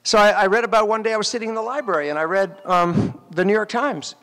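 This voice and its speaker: A man, an actor, giving a graduation speech and telling animated stories straight to the graduates at the ceremony. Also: sits high, fast. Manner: animated storytelling, addressing graduates directly. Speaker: commencement speaker. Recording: long hall reverb.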